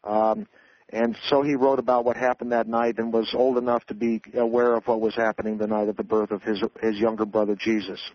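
A man's voice: mid-range voice, little pitch movement, fairly quick, dry recording. Lecturing male author on dull radio audio. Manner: earnest, lecturing, with frequent fillers and restarts. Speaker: author and interview guest. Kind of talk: radio interview.

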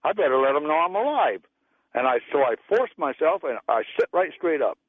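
A man's voice: on the high side, sing-song, fairly quick, no echo. A male caller, telling a personal story in a plain, folksy way. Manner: plain folksy storytelling, acts out quoted voices. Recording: tinny phone line.

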